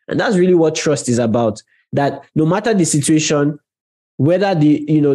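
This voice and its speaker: A man's voice: on the high side, warm tone, husky. A man preaching a conversational sermon on prayer, talking directly to his listeners and stressing key words. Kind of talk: sermon teaching.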